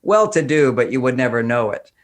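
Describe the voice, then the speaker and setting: A man's voice: medium pitch, big pitch swings, fairly quick. A man from Houston, Texas, talking animatedly as a podcast guest and acting out bits of dialogue as he goes. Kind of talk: conversational interview.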